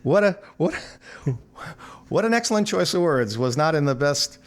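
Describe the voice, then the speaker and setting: Animated older man telling a story. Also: fairly high pitch, moderate pace. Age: 60s. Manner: animated, acts out voices in anecdotes. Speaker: guest musician. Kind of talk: storytelling interview.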